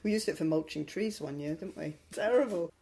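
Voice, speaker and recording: A woman, a wool producer talking in a brisk, plain-spoken, casual way. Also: low-pitched, mellow. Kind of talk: casual interview chat.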